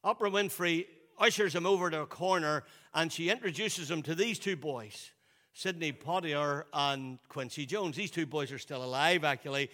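A man's voice: moderate pace, bright, forceful tone, long reverb tail. A man preaching a sermon in a loose, conversational way, often repeating and restarting his words. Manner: conversational, repeats himself, drops to a low voice for quotes. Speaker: pastor.

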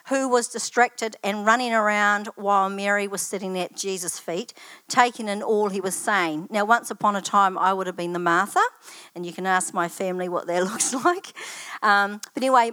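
An older woman gives a personal testimony in a church setting. Her voice sits at a middling pitch, and she talks in a chatty, anecdotal way, wandering into asides as she tells her stories. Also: moderate pace, pushed and bright, dry recording. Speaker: church student giving a testimony.

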